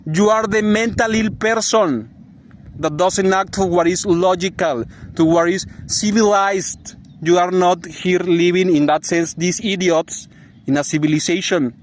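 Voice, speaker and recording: A man with a fairly high voice rants in a vlog monologue. He is rambling and agitated, and he swears freely and laughs bitterly between points. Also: fairly even intonation, unhurried. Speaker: vlogger.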